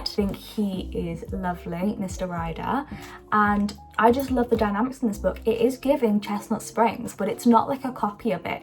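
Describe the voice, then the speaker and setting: Chatty young woman gushing about books. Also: medium pitch. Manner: gushing, chatty, many fillers. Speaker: book vlogger. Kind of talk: casual book review vlog. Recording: soft background music.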